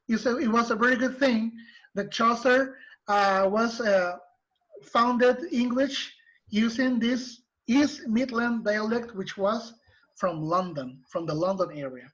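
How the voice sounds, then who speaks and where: Male teacher, online class lecture, slow patient delivery, dull muffled audio. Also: very high-pitched, a bit bright. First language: Spanish. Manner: patient, explains slowly with restarts. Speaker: literature teacher. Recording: muffled lo-fi recording.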